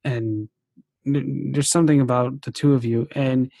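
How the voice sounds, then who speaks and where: A woman's voice: extremely low pitch, steady tone, normal speed, dark tone, no room sound. A woman hosting an interview, chatting casually with many fillers and restarts and laughing often. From United States. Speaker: podcast host.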